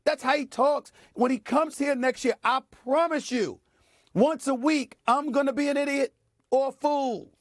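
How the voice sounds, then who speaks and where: A man's voice: very high voice, moderate pace, no echo, clean studio sound. A man on a sports talk show, speaking emphatically and repeating and stumbling over words as he builds his point. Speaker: sports commentator.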